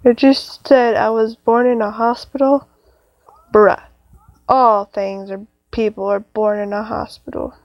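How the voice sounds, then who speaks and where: A woman's voice: fairly high pitch, level tone, unhurried, dry recording, muffled recording. A young woman commenting on a horror game as she plays, jumpy and talking to her viewers. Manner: jumpy, exclaiming, talks to viewers. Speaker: gamer.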